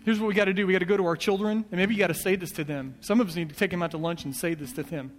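A man preaching with an earnest, repetitive build, his voice pitched a little high. It rings out with a long echo through a church hall, while soft guitar plays underneath. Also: fairly even intonation, rapid-fire. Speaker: pastor. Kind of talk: sermon.

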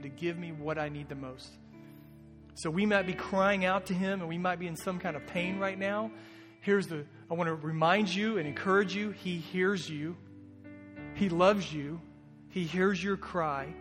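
A man preaching a sermon as a pastor, in an earnest, conversational way. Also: sits high. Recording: long reverb with soft guitar behind.

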